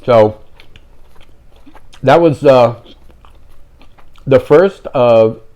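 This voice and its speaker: A man's voice: mid-range voice, extremely slow, mellow, dull audio. A man telling a story in a casual vlog, rambling and breaking off into tangents he apologizes for. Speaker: vlogger.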